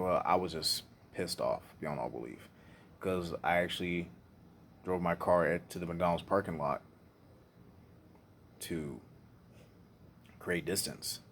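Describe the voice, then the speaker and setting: Deep-voiced man telling his story. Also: a little slow, gravelly, long pauses, a bit bright, a little hiss or hum. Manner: emotional, candid, profane, trails off and restarts. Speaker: speaker sharing life story. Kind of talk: personal storytelling monologue.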